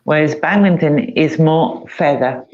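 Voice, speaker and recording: A man's voice: on the high side, measured pace, a little mellow. A man in a casual chat who meanders, repeats words and drifts from topic to topic. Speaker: chat participant. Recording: dull lo-fi sound.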